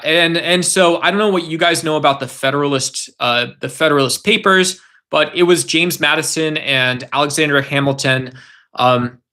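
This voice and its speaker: A man's voice: mid-range voice, bright, forceful tone. A young man hosting a casual political livestream, rambling conversationally and answering chat comments. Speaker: livestream host.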